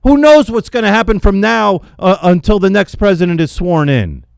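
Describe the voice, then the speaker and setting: A man angrily venting in a spoken rant, yelling, repeating himself and stumbling over his words in frustration. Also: high-pitched, animated, normal speed, creaky, clear, resonant tone, no echo. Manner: repeats phrases for emphasis. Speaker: political vlogger.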